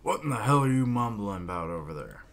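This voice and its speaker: A man's voice: lowish voice, very animated, fast, fairly bright tone. A man reacting live to a manga chapter, reading panels aloud in a casual way and swearing now and then. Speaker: reaction video host.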